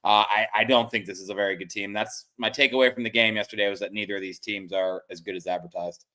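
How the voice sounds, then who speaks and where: A man co-hosting a sports stream, ranting in frustration and trailing off quietly at the ends of thoughts. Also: on the low side, steady tone, fast talker. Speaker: co-host of a sports betting stream. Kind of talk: casual profane sports chat.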